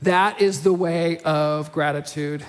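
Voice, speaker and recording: A male pastor giving a sermon in a conversational, animated way, acting out the voices he quotes. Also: a little high, slow, big-room sound. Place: church auditorium.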